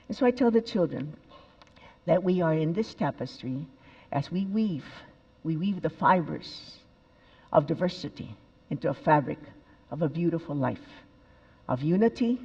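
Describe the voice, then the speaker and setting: An older woman tells stories on a big stage, animated and expressive, with sudden bursts of emphasis. Her voice rings through a large auditorium with a long reverb. The sound is a little dull and muffled. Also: low-pitched. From El Paso, Texas. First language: Spanish. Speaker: speaker at a TEDx event. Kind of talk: inspirational stage talk.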